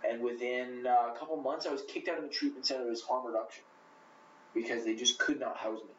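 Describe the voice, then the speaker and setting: Guy telling his story straight, swears a lot, rambly, far off in an echoey room, muffled rough audio. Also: medium pitch, fairly even intonation, brisk, a little hiss or hum. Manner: blunt, profane, rambling with fillers. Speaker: interview guest. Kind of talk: candid personal storytelling.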